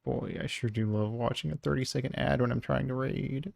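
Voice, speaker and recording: A man's voice: medium pitch, a little fast, gravelly, darkish tone, no echo, clean studio sound. A man streaming and chatting casually, muttering to himself and swearing offhand as he browses.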